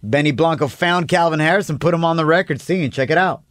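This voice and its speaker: A man's voice: on the high side, fast, a bit bright, no echo, clean studio sound, soft background music. A young man hosting a radio show, talking in upbeat, playful banter and laughing easily. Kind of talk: casual morning radio banter.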